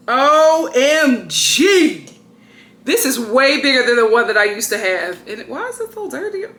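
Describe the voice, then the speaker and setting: A woman's voice: fairly high pitch, a bit bright. A woman vlogging casually at home, exclaiming and grumbling to her viewers as she unboxes something. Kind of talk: casual vlog chat. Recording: roomy echo, faint ambience.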